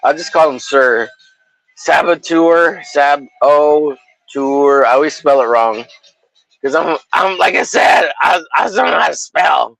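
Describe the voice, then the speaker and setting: A man hosting a livestream, chatting casually in a rowdy, crude way, often shouting and teasing in mock-bullying banter. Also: fairly high pitch, unhurried, vocal fry, no echo, poor audio. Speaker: livestream host.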